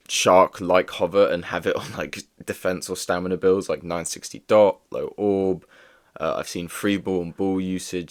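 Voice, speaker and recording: A man's voice: low-pitched, clear, resonant tone. A young man giving a casual, rambling video review, peppered with filler words. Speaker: toy reviewer.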